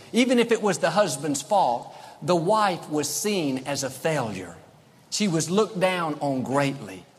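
A man preaching a sermon as pastor, emphatic, with dramatic pauses. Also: on the high side. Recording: long reverb of a large hall.

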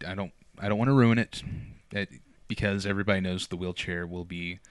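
A man's voice: low voice, fairly even intonation, a little fast, clean tone, no echo. A man co-hosting a podcast, chatting in a playful manner with stammers and restarts. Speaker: podcast co-host. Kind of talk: casual chat.

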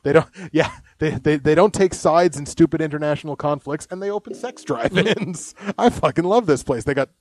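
A man's voice: a little high, normal speed, few pauses, darkish tone. A man hosting a casual podcast, rambling, swearing constantly and laughing at his own jokes. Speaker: podcast host. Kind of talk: casual profane podcast chat.

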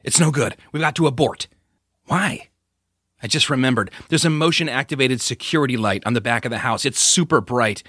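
Narrator as anxious teen boy; hurried, fretful, bright. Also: medium pitch, dry recording, clean studio sound, lightly acted. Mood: worried. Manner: nervous, hurried.

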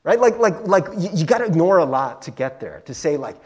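A man's voice: on the high side, a little fast, husky. A male pastor giving a casual, joking sermon, talking straight to the congregation. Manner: animated, joking, addresses listeners as friends and guys. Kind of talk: conversational sermon.

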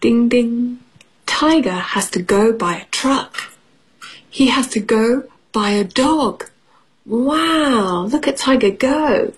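A woman reads a children's story on an educational radio show, playful and patient, putting in little sound effects and quizzing the kids. Her voice is slightly high and noticeably breathy. She takes her time with every line. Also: slow pace. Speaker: radio English teacher.

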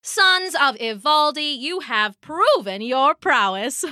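A woman voicing a sly, flattering male trickster god in a storybook reading. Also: sits high, slow, no echo, clean studio sound, voice pushed up, full character voice.

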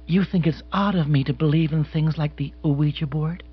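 A man's voice: fairly high pitch, fairly even intonation, moderate pace, breathy edge, highs cut off. A man reading an audiobook, voicing a wealthy American widow who talks in a gushing, earnest, genteel way.

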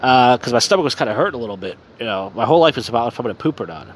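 A man's voice: mid-range voice, lively intonation, rapid-fire, a little hiss or hum. A drunk man rambling crudely through a self-deprecating podcast monologue outdoors on a city street at night. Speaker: podcast host. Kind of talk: casual rambling podcast monologue, live streamed.

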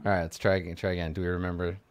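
A man's voice: deep voice, level tone, racing, slight background noise. A man narrating as game master of a tabletop game, rambling and hedging as he describes scenes.

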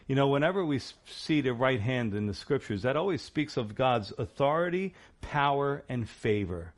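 A man's voice: on the high side, expressive, unhurried. A man preaching a sermon, earnest and encouraging, often asking the listeners rhetorical questions. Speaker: pastor.

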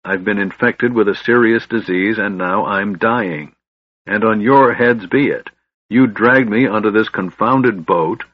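A man voicing a grumpy, stubborn old male dwarf who is seasick, in a gruff, irritable storybook voice. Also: on the low side, measured pace, dry recording. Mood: grumbling. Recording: slightly dull, dry recording.

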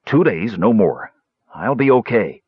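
Picture a gray-bearded hill dwarf, gruff and protective, speaking low and hushed with quiet urgency, as a man reads him in a storybook. The voice sits very deep and a little husky. It comes through a dull, dry, lo-fi recording. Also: big pitch swings, a little slow, dry recording, exaggerated voice. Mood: hushed urgent.

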